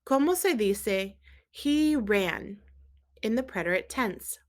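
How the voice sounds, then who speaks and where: A woman teaching a Spanish lesson, quizzing viewers and gently checking their accent marks as she switches between English and Spanish. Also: medium pitch, lively intonation, slow. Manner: asks quiz questions and gently checks accents. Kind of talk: recorded language lesson.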